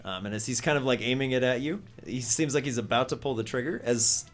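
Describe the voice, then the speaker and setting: A man narrating as game master of a tabletop game, loose and full of fillers, breaking into shouted voices for characters. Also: mid-range voice, fast talker, faint music behind.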